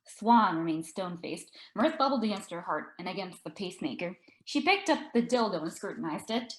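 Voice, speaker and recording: A woman author reading her own story aloud in an expressive, dry narrating voice. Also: fairly low pitch, brisk. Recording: echoey room.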